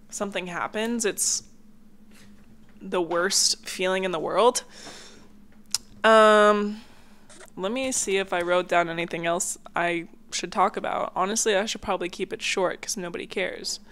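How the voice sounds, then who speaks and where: Slightly congested, a young podcast host rambles through a casual solo chat at home near a hallway, filling gaps with lots of filler words. Her mid-range voice is a bit bright, with fairly even intonation and a measured pace.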